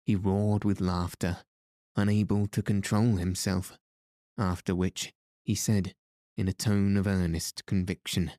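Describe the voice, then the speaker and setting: A man narrating a classic story as an audiobook, in a measured, even way. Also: low voice, no room sound, studio quality.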